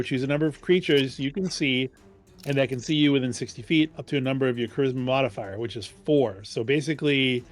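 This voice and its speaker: A man playing in a tabletop game, counting his moves and reading rule text aloud. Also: mid-range voice. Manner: counts aloud, reads out rules. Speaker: player.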